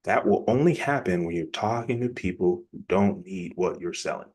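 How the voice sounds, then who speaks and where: Lively man coaching on sales. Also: low voice. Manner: energetic, acts out quick example dialogues; conversational, plainspoken. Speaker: business coach. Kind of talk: casual teaching presentation.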